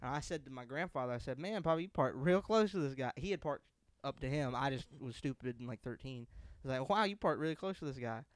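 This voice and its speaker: A man's voice: medium pitch, quick pace, few pauses, dry recording. A young man on a podcast telling a family story in casual chat, acting out the people he quotes. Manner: animated storyteller, acts out quotes loudly. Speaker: podcast co-host.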